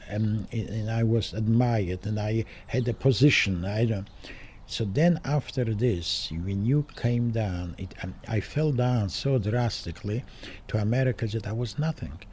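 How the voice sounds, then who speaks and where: An older man, a Holocaust survivor, recounting memories in a halting, emotional way with many restarts. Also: on the low side, warm tone, slight background noise. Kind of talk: documentary interview, recounting memories.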